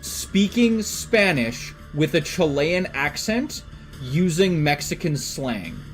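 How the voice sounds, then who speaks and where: A man's voice: on the high side, big pitch swings, takes it slowly, soft background music. A young man from Canada chatting casually on a stream, rambling with lots of fillers and swearing. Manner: rambling, filler-heavy and profane. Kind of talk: casual chat.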